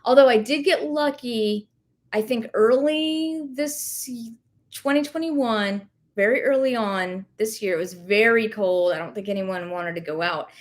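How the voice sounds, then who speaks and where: A woman's voice: fairly high pitch, unhurried. Chatty young woman, light Southern accent. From rural American South. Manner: chatty and rambling, many fillers and self-corrections. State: has Covid. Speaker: livestream host, reseller. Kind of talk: casual livestream chat reading viewer comments.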